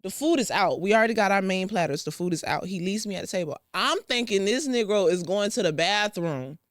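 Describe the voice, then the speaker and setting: A young woman vlogger telling a dating story in a casual, profane, animated way, acting out both sides. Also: mid-range voice, dry recording, clean studio sound.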